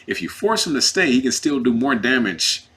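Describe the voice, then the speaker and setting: A man who is representing himself in a custody case tells his story in a casual, animated and indignant way, acting out what others said. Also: medium pitch, normal speed, husky. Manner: emphatic, indignant.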